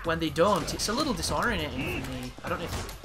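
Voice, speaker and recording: A man commentating a video game playthrough, excitable and crude, with sudden exclamations. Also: a little high, fast. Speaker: gameplay commentator. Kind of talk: let's play commentary. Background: game music.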